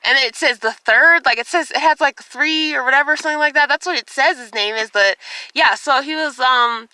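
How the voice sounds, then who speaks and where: A woman's voice: high-pitched, fairly quick, sharp tone, dry recording. A young woman vlogging in a distressed, tearful state, rambling with lots of "like" and swearing. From United States. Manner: rambling, heavy use of "like", profane. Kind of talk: casual personal vlog rant.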